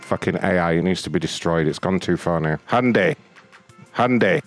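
A man's voice: deep voice, level tone, fast, soft background music. A man hosting a prank call show, playful and crude, acting innocent on the phone.

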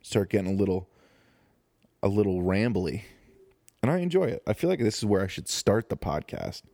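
Talking casually on his own podcast, this young man rambles and jokes, full of fillers and false starts. His mellow voice is on the low side, lively in intonation and at a moderate pace. The close studio mic picks up no echo in this solo monologue.

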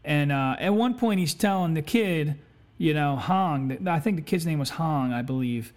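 A man's voice: a little high, expressive, moderate pace, a little mellow. A man hosting a podcast, telling a story in a laid-back, chatty way, swearing constantly and saying "you know" a lot. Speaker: podcast host. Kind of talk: casual storytelling.

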